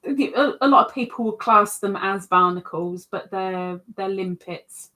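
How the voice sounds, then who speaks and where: A woman hosts a casual livestream from her home computer, reading out viewers' comments and chatting along. She talks at an unhurried, slow pace and makes fun of herself as she goes. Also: mid-range voice, pushed and bright. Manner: chatty and self-mocking, reads out comments. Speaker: livestream host.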